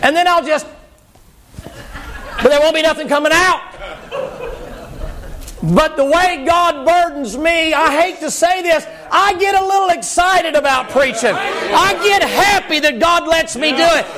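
A man's voice: extremely high pitch, unhurried, bright, forceful tone, some chatter behind. A man, preaching a fervent, folksy revival sermon and hollering his points.

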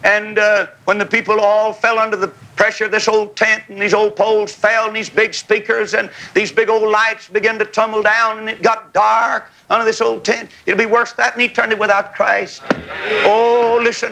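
A man preaching a revival sermon in a tent, folksy and fiery, rising to shouts, with a congregation calling back amens. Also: sits high, gravelly, poor audio. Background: congregation calling amen.

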